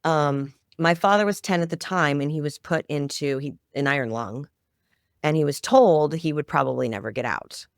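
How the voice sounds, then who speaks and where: A middle-aged woman talks as a podcast guest, her storytelling heartfelt and emotional. Her voice has a gravelly texture. The sound is dry and close. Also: deep voice, moderate pace, dry recording. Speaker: podcast guest, children's media founder. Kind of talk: interview storytelling.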